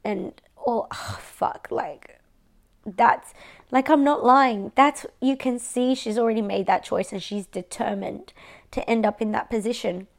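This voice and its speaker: A woman's voice: on the high side, unhurried. A young Australian woman venting to her viewers in a personal vlog. She swears often, fills her talk with "like," and sounds close to tears. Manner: venting, frequent swearing and "like" fillers. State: near tears, voice breaking. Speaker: vlogger.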